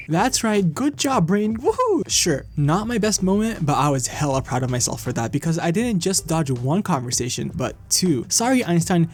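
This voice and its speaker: A young adult man narrating a comedic animated storytime, playful, slangy and self-deprecating. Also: on the high side.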